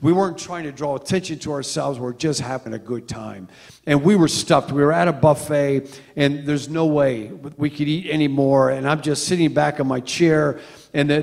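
A middle-aged man preaching a sermon as a pastor, telling stories with animated swings from loud to hushed. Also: fairly high pitch, gravelly, long reverb tail. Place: church sanctuary.

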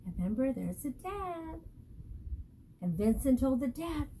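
Slow, gentle woman teacher reading aloud. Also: high voice, slight background noise, low-quality recording. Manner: animated and coaxing, asks children questions. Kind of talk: reading a picture book aloud to children.

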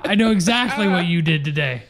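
A man's voice: sits high, animated, fairly quick, vocal fry, a bit bright. A man co-hosting a podcast in casual chat, blunt and exasperated, swearing often. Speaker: podcast co-host.

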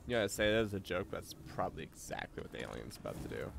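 A young man streaming a video game with casual commentary. He swears freely and breaks into loud, excitable outbursts. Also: low voice, very fast, vocal fry, background noise.

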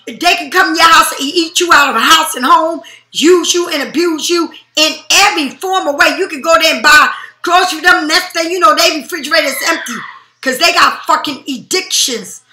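A woman's voice: very high voice, a little fast, bright, forceful tone, reverberant, slight background noise. A woman reading tarot cards in a blunt, profane, emphatic way. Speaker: tarot reader.

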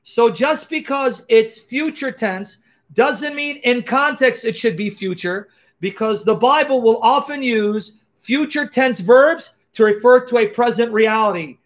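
A man giving an animated apologetics teaching, emphatic and full of rhetorical questions, punctuating points with exclamations. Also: very high voice, measured pace. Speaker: Christian apologist.

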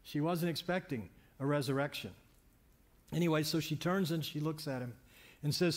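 High-voiced pastor preaching a sermon. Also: male voice, moderate pace. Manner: storytelling, conversational with frequent restarts. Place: church.

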